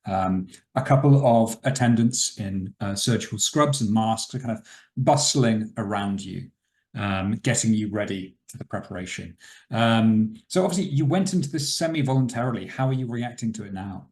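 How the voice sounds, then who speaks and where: A man's voice: on the low side, moderate pace. Guy gm-ing a tabletop game, laid back, lots of ums, echoey room. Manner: relaxed, filler-heavy narration. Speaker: game master.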